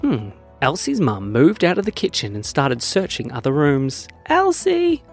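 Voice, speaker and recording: Animated man narrating a bedtime-style kids' story, pitch swinging widely. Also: normal speed, faint music behind. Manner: animated, expressive read-aloud.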